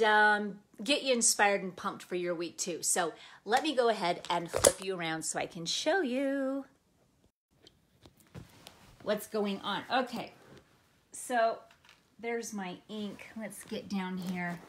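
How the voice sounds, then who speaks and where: Bubbly middle-aged lady gushing on a phone live stream, chatty and excited. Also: medium pitch, a little hiss or hum. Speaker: planner community host. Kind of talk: casual live-stream chat. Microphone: phone camera.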